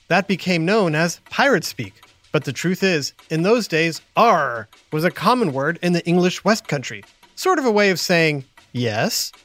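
A man's voice: a little high, fairly bright tone, no room sound. A man hosting an educational podcast for children, playful and explanatory. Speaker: host. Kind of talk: educational kids podcast narration.

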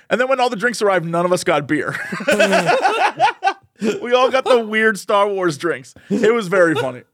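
In this casual podcast chat, a male co-host with a high-pitched voice tells a story full of acted-out quotes, voicing each character with animation. The audio is studio quality with no room sound.

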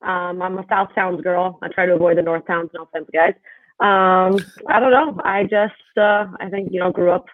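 A woman from Buffalo, with a Buffalo accent, chatting excitedly as a guest and hedging with fillers like "um" and "you know.". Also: fairly low pitch, moderate pace, narrow, tinny audio, slight background noise. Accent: Buffalo, New York. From Buffalo, New York. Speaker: guest, event organizer.

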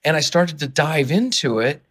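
Man with a somewhat high voice, guest on an interview, animated, worked up, restarts his sentences. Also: moderate pace. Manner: gets excited and worked up, restarts often. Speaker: author and guest.

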